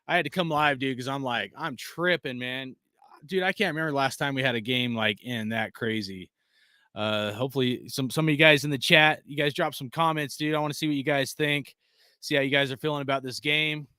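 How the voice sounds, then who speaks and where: Profane, excitable man ranting on a live stream. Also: mid-range voice, fairly quick, clear, resonant tone, dry recording, studio quality. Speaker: sports fan channel host. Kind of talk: live-stream fan rant. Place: at home.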